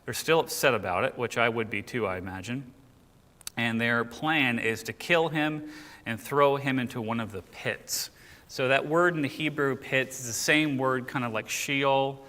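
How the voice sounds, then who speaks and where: A man teaching a Bible class in a church room, reading scripture aloud and explaining it in a relaxed, joking way while quizzing his listeners. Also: mid-range voice, moderate pace, in a large hall.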